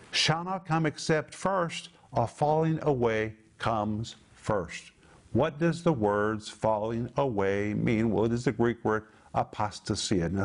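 Emphatic man in his sixties teaching Scripture. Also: medium pitch. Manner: emphatic, stressing key words with slow drawn-out repetition. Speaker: Bible teacher. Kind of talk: televised Bible teaching.

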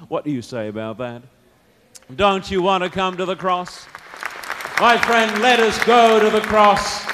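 A man preaching a sermon, swinging from loud declarations to hushed, intimate asides. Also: high-pitched, unhurried, some chatter behind. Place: church or meeting hall. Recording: long hall reverb.

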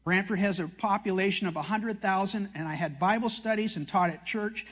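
An older man from Canada tells his testimony as a sermon, with a high voice. His manner is folksy and self-mocking. He mixes in acted quotes from other people. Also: brisk, fairly bright tone, breathy edge. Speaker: TV prophecy teacher speaking at a meeting.

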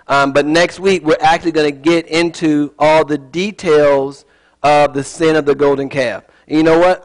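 Man, fairly high voice, relaxed sermon teaching with joking asides and tangents. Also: rough recording. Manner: chatty and digressive, with joking asides. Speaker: Bible teacher.

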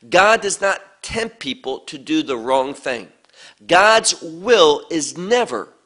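A male preacher delivers a sermon at an unhurried pace. His pitch rises and falls a great deal, and he stresses points by repeating words. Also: bright, forceful tone. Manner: emphatic, with slow deliberate phrasing and repeated words.

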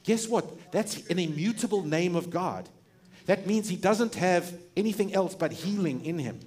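Middle-aged guy preaching, lively and chatty, keeps restarting sentences. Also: high voice, moderate pace. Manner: animated and conversational, with frequent restarts and laughs. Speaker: pastor. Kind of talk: sermon.

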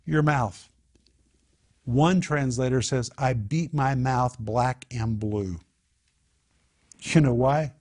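A man's voice: mid-range voice, slow pace, long pauses, darkish tone. Emphatic man teaching a Bible study. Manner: emphatic, repeats key phrases.

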